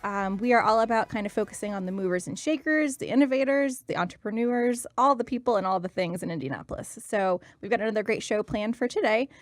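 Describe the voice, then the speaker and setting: A woman's voice: medium pitch, expressive, fast talker, few pauses, dry recording. A young woman hosting a casual studio talk show, upbeat and teasing her guests. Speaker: host.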